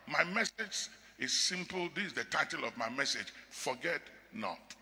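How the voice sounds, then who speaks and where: A male pastor preaching a sermon, trading calls and answers with the congregation and swinging from shouted lines to near murmurs. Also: fairly high pitch, animated, moderate pace, hardly any pauses. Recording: long hall reverb.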